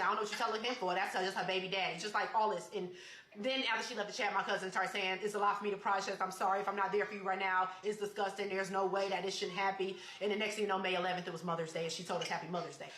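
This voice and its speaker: A woman telling a personal story in casual chat, animated and reading out text messages. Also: mid-range voice, reverberant.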